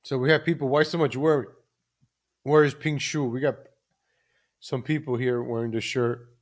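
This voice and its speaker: A man's voice: medium pitch, fairly even intonation, normal speed. Ranting male live-stream host. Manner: ranting, repeats ladies and gentlemen. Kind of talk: casual commentary live stream.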